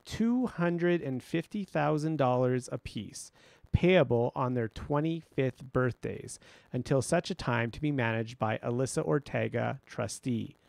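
Formal lawyer reading a will, slow and exact, gravelly tone, voiced by a male narrator. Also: mid-range voice, a little mellow, no echo. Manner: slow, measured, deliberate reading.

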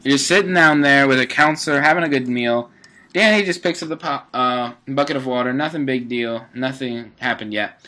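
Speaking at a moderate pace in a mid-range voice, this teen boy comments loosely on the game he's playing. His tone is bright and pushed, and he keeps using fillers and correcting himself.

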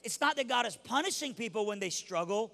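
A preacher man from Iran telling a comedic story in a sermon at a youth event, animated and blunt, acting out the voices he quotes. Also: sits high, brisk, vocal fry. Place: large hall at a youth event. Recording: long reverb of a large hall.

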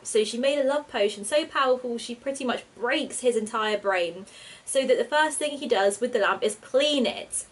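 A woman voicing a fussy, panicky witch who pleads and squeaks when upset. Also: distant mic, natural voice.

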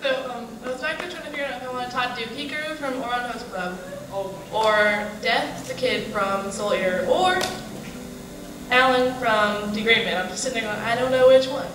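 A woman fan hesitantly makes a request to a panel, with plenty of fillers. Her voice is a little high. She sounds distant, in an echoing hall with steady background noise. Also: fairly quick. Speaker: fan asking a question. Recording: echoey hall, far from the mic, noise.

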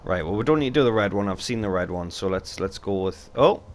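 A man's voice: fairly low pitch, expressive, fast talker. A young Geordie man giving joking, chatty game commentary with casual swearing, talking into a desk mic. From North East England. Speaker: gaming YouTuber.

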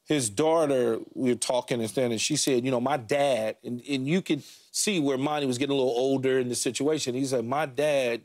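A middle-aged man co-hosting a sports talk show, telling stories about his playing days in animated, punchy fragments with lots of repeats. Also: mid-range voice. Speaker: sports talk show co-host, former NFL receiver. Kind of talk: casual sports talk storytelling.

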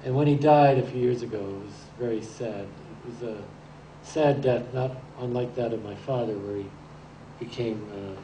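A man in his sixties giving a rambling, anecdotal talk about his photographs, halting now and then as he tells his stories. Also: mid-range voice. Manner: rambling storyteller, relaxed and halting. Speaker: photographer presenting his pictures. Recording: roomy echo, distant mic, faint hiss.

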